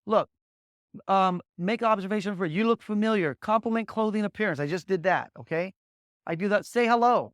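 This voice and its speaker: Middle-aged male sales coach, high-pitched, lively, dry close sound, plays out small-talk examples. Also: a little fast, no echo. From Las Vegas, Nevada. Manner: animated, acts out sample dialogues, repeats words. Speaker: sales trainer. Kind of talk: energetic training talk.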